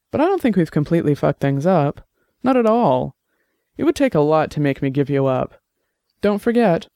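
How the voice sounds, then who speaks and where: A man's voice: sits high, creaky, warm tone, dry recording, studio quality, pitched above the performer's own voice. A man voicing a sly, forgiving middle-aged woman in an audiobook drama, with a teasing, earnest manner.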